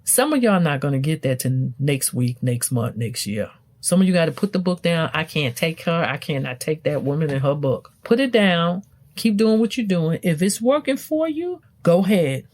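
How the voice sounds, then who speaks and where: A woman's voice: low voice, lively intonation, normal speed, a little mellow. A woman hosting a spiritual podcast, speaking emphatically to the listener with many rhetorical questions. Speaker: podcast host. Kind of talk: spiritual teaching monologue.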